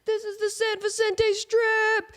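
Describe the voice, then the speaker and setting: A woman with a nasal voice from a cold, voicing a nitpicky heckler in a crowd who jeers and shouts in drawn-out words. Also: monotone. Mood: jeering. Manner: shrill, jeering, drawn-out shouting.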